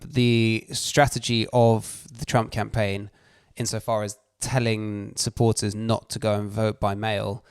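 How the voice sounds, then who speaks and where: A man's voice: on the low side, smooth, no room sound, studio quality. Slangy ranting man. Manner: animated, swears, slangy rants. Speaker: podcast co-host. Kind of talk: casual chat.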